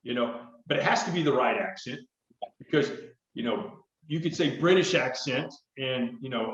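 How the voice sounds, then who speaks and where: A man's voice: mid-range voice, normal speed, a bit bright. A middle-aged man hosting a podcast, chatting in a rambling, jokey way. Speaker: podcast host. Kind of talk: casual chat. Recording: echoey, distant, dull audio.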